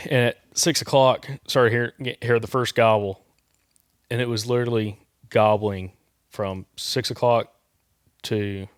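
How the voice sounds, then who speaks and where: A man hosting a podcast, telling a long story in a rambling, relaxed way. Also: fairly low pitch, no echo, studio quality. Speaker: podcast host.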